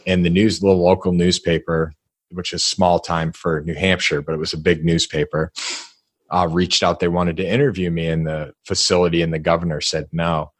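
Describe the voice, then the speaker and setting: A man with a very low voice tells his story earnestly, starting over and over as his thoughts catch up. His voice sounds close and dry, with no room around it. He talks with a guest's conversational sincerity. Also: no echo. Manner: earnest, halting, many restarts. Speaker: podcast guest. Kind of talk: casual storytelling interview.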